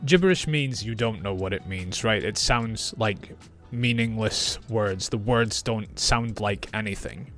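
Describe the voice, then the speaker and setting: Scottish man teaching clear English. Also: fairly low pitch, a bit bright, faint music behind. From Scotland. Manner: clear, slow and friendly teaching. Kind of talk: reaction video lesson.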